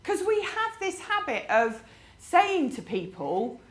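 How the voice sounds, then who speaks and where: A woman's voice: very high voice, sing-song, takes it slowly. A woman preaching a sermon, telling a personal story with rhetorical questions to her congregation. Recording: roomy hall with faint ambience.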